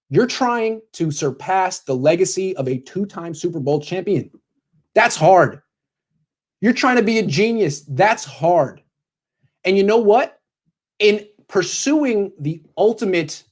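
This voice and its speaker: A man doing sports opinion commentary, bluntly lecturing a coach directly in the second person. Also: sits high.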